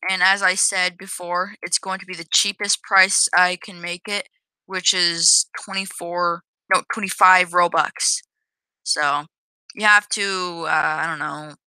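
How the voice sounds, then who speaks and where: Woman, casual gameplay commentary, hesitant, self-correcting, unhurried delivery, crisp tone. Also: on the low side, sharp tone, dry recording, low-quality recording. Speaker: game developer showing own game.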